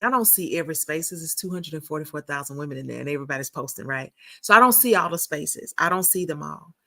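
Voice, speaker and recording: A woman's voice: low voice, expressive, quick pace, creaky, sharp tone. Woman host, casual live-stream storytelling, chatty, calls viewers y'all, repeats and restarts phrases. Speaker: community founder and host.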